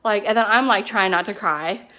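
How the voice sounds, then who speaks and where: A woman at home, talking to her business team in a casual motivational pep talk, excited and chatty, filling her speech with "like" and "you know.". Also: mid-range voice, normal speed. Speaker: network marketing team leader. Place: at home with her kids nearby.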